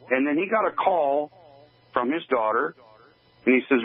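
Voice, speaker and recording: An older man from Oregon, a guest in an interview, giving an earnest, halting personal account with many restarts. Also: mid-range voice, expressive. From Oregon, USA. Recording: tinny phone-line call.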